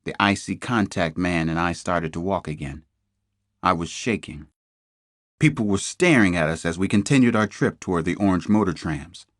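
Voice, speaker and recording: A man reading a crime thriller aloud in the first person, with measured, tense storytelling. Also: deep voice, no echo, studio quality. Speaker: audiobook narrator. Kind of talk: scripted first-person narration.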